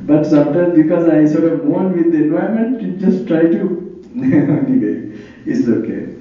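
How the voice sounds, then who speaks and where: A Buddhist monk with a Sri Lankan accent gives an informal sermon in English. His first language is Sinhala, and his talk wanders from point to point with frequent chuckles. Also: on the high side. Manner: chatty and digressive, chuckling often. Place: hall on tour. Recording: roomy, distant, lo-fi hall recording.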